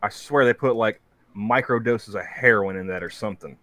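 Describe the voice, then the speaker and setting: A man's voice: fairly low pitch, normal speed, a bit bright, dry recording. A man in casual podcast banter, joking and profane, often restarting his words.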